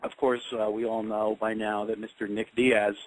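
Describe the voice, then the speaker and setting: A man's voice: on the low side, flat delivery, moderate pace, a little hiss or hum, rough recording. A man co-hosting an internet radio talk show in casual chat, hesitant and full of ums and you-knows.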